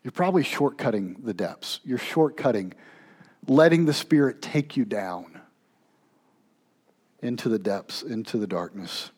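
A man preaching a sermon as pastor, swinging between raised, pleading intensity and hushed, low-voiced emphasis. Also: lively intonation, measured pace, long pauses, husky.

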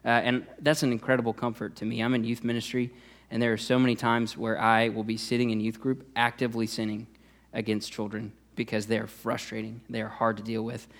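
Brief: male youth pastor, relaxed sermon delivery, mid-range voice, lots of fillers. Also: mid-range voice, a little fast. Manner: conversational, many "uh" fillers and restarts.

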